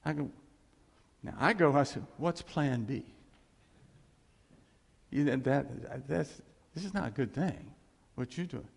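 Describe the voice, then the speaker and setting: A man's voice: mid-range voice, slow pace, gravelly, long pauses, breathy edge. A man preaching a conversational sermon as pastor, acting out voices as he tells it. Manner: animated, conversational, acts out quoted voices. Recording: long reverb of a hall.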